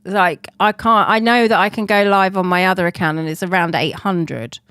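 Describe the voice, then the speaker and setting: A woman's voice: on the low side, fairly quick, a bit bright, smooth, dry recording, clean studio sound. A woman in her forties chatting casually to viewers on a live stream, rambling and laughing often. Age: 40s.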